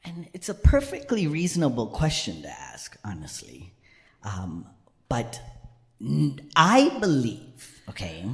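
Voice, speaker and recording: A man doing stand-up storytelling on a live stage, animated, dropping from loud punchlines to hushed asides and checking in with the crowd. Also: medium pitch. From United States. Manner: chatty, keeps checking in with the crowd. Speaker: comedian and solo performer. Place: live stage before an audience.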